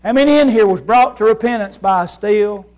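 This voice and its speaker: A man with a strikingly high voice preaches a fervent sermon. He swings from shouting down to a near hush, and keeps asking his listeners rhetorical questions. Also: brisk, low-quality recording. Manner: fervent, swinging from loud shouting to hushed quiet; asks the congregation rhetorical questions.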